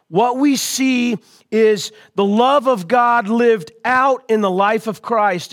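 A man preaching a sermon as pastor, calling out to his congregation and swelling louder on key lines. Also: high-pitched. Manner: call-and-response preaching to an online congregation.

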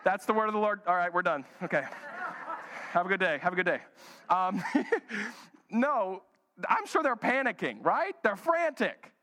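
A pastor in a church hall delivers his sermon with humor, slipping into playful voices for the Bible characters. His voice sits high for a man, and the long reverb of the room trails behind every phrase. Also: lively intonation, normal speed, pauses often, pushed and bright.

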